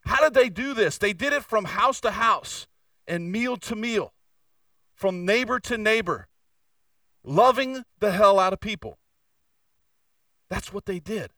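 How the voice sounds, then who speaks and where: A man preaching a sermon as pastor in a church, moving between fervent, raised passages and quieter, confessional asides. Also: sits high, animated, a little slow, pauses often, dry recording, distant mic, low-quality recording. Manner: preaching with rising intensity and candid confession. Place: church sanctuary.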